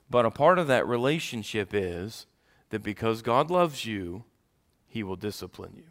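A middle-aged male pastor preaching a sermon, swinging from loud preaching to quiet storytelling. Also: fairly low pitch, sing-song, normal speed.

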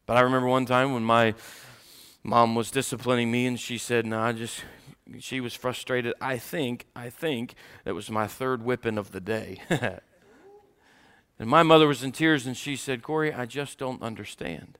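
A middle-aged male pastor preaching a sermon, swinging from loud preaching to quiet storytelling. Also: mid-range voice, fairly even intonation, moderate pace, clear, resonant tone.

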